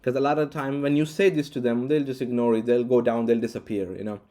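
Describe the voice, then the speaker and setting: A man's voice: mid-range voice, steady tone, fast, dark tone. A man vlogging, telling a personal story casually with many restarts and fillers. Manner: rambling, frequent restarts and fillers.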